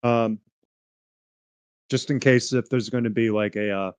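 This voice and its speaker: A man's voice: mid-range voice, steady tone, measured pace, darkish tone, smooth, no room sound. A man playing in a tabletop game, joking around and hesitating with lots of ums. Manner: joking, hesitant, filler-heavy. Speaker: player. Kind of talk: casual tabletop play. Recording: dull lo-fi sound.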